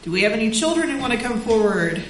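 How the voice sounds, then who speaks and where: Woman pastor, gentle and encouraging, somewhat high voice, captured from across an echoey church. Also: big pitch swings, fast, slight background noise. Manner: gentle, encouraging, coaxing questions. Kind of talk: reading and children's sermon. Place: church sanctuary.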